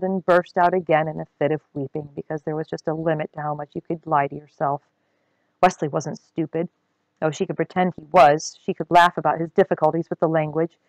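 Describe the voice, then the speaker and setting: A woman reading a novel aloud with expressive, dramatic storytelling. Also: on the low side, no room sound, poor audio.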